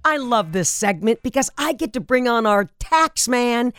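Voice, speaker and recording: Lively high-voiced woman radio host. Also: normal speed. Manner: upbeat, emphatic questioning. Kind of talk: hosting a radio talk show.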